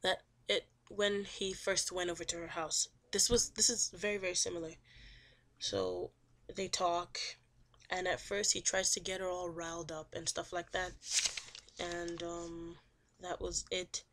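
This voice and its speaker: A woman student casually retelling a story in her own words, chatty, with lots of "like" and "um", her voice often trailing off quietly. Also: fairly low pitch, measured pace. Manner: chatty, says "he was like" and "um" often. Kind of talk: casual book summary.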